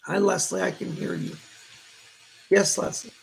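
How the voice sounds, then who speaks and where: A man hosting live psychic readings, thanking donors and relaying spirit messages in a slightly hoarse voice. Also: high voice, level tone, measured pace, slight background noise, poor audio. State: hoarse, voice going. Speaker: psychic medium host.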